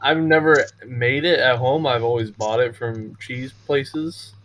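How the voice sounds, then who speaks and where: Bright-voiced talkative man. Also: medium pitch, a little slow, slight background noise. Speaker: tabletop game player. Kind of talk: casual chat.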